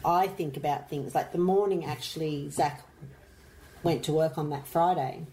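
A middle-aged mother with an Australian accent tells her story in an earnest, plain-spoken way. Her voice sits a little low for a woman. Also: fairly even intonation, moderate pace, darkish tone, breathy edge. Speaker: mother of a missing man. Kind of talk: emotional interview recollection.

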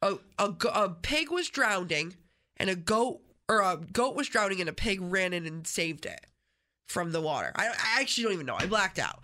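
A woman hosting a radio show in a studio, telling stories in an animated, chatty way with many restarts. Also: medium pitch, moderate pace, a little hiss or hum. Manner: animated storytelling, frequent restarts. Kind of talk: casual on-air chat.

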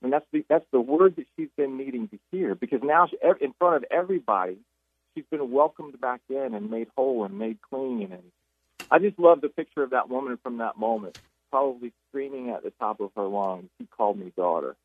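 A man, an author and radio guest, retelling Bible stories with animated storytelling and many restarts. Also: medium pitch, brisk, no echo. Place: Jacksonville. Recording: tinny phone line.

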